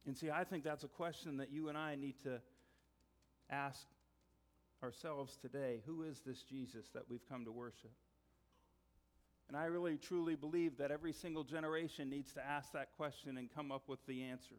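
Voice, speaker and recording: A man preaching a sermon as a pastor, telling stories conversationally and dropping to quiet, earnest tones for emphasis. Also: mid-range voice, steady tone, moderate pace, long reverb tail.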